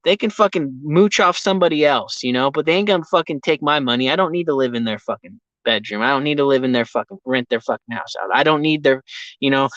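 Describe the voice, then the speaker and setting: A man's voice: medium pitch, fairly bright tone. A man talks casually to his camera from inside his vehicle, cursing in nearly every sentence as he rambles. The sound is close and dry with no room echo. The recording is somewhat dull and lo-fi. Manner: profane, heavy swearing, ranting. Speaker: vlogger.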